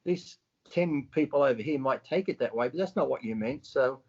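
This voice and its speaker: A man co-hosting a podcast, talking bluntly with lots of swearing and animated retellings. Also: medium pitch, normal speed, husky, muffled recording. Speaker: podcast co-host. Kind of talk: casual chat.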